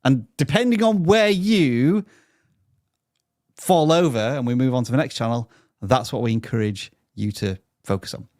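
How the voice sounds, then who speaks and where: A man's voice: medium pitch, moderate pace, a little mellow, no room sound, studio quality. Upbeat man hosting a live stream. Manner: upbeat, chatty, stumbles over names. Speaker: livestream host reading viewer questions. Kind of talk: live channel-review stream.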